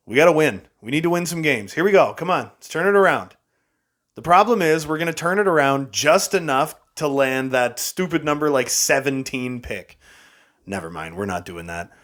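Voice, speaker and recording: A man's voice: a little high, fairly bright tone. Exasperated young man narrating gameplay. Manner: frustrated, exasperated, self-mocking with frequent laughs. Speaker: gaming YouTuber. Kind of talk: casual gameplay commentary.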